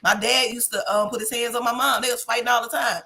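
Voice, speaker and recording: A woman's voice: a little high, fast talker, creaky, a little hiss or hum. A woman in her thirties co-hosting a podcast, telling stories bluntly in casual slang. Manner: animated storytelling with blunt slang. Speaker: podcast co-host. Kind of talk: casual chat.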